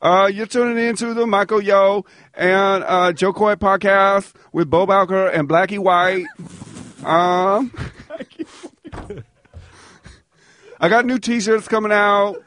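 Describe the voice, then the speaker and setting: Brief: man doing a showy, slow-drawling caricature character, high and over the top. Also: very animated, no room sound, full character voice. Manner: exaggerated put-on caricature voice, swaggering greetings. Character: brash loud-mouthed male podcast character. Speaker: co-host. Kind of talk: comedy podcast bit.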